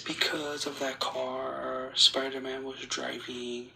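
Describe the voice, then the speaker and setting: A man doing an open-mic stand-up set, talking in a slow, deadpan way and laughing at his own jokes. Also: medium pitch, faint music behind. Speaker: stand-up comedian. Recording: echoey room with loud ambient noise.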